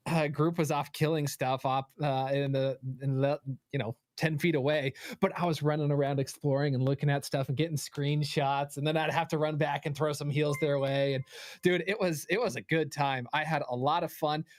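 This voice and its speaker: Male guest, slightly high voice, self-mocking casual storyteller, stalls with "uh" a lot. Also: steady tone, normal speed. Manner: joking, hesitant, lots of uh fillers. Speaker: guest co-host. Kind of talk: casual livestream chat.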